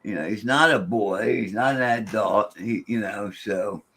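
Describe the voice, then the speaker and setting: A man's voice: on the low side, unhurried, fairly bright tone, breathy edge. A man, a paranormal investigator, chatting casually and rambling with frequent restarts. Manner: rambling, repeats and restarts words. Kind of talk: casual chat.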